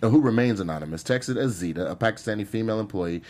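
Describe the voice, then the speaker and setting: A man co-hosting a casual podcast chat, joking and animated. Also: fairly low pitch, fast talker. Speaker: podcast co-host.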